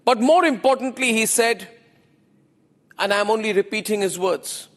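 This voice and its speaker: Indian news anchor guy ranting, high voice, lots of repeating himself, bit of long reverb. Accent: Indian English. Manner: emphatic, repeats phrases for effect. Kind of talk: opinionated TV news monologue.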